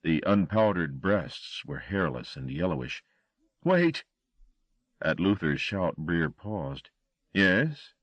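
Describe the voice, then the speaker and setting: A man narrating a horror audiobook with an expressive, dramatic reading. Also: very deep voice, a little slow, few pauses, dry recording.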